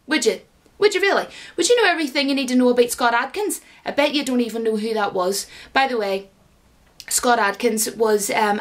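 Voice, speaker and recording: A high, bright-pitched woman holds forth in an exasperated vlog rant. Her talk is animated and sarcastic, full of rhetorical questions. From Ireland. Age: 30s. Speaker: YouTuber. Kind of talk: ranting reaction vlog.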